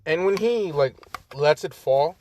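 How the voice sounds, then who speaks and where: A man's voice: fairly high pitch, expressive, unhurried, warm tone. A young man casually improvising a story, rambling with lots of fillers and joking asides.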